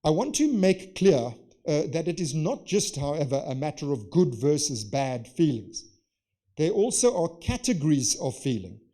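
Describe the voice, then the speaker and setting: Man, conference talk, academic lecture, rhetorical questions, acted examples, fairly high voice. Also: moderate pace. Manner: lively, poses rhetorical questions and acts out scenarios. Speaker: conference speaker. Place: conference session.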